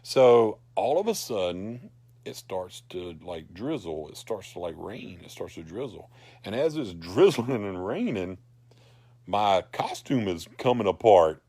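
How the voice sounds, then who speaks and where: A man, animated and rambling as he tells a personal story to a group. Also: on the low side, measured pace, husky, dry recording. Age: 40s. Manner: rambling, animated, laughs through his lines.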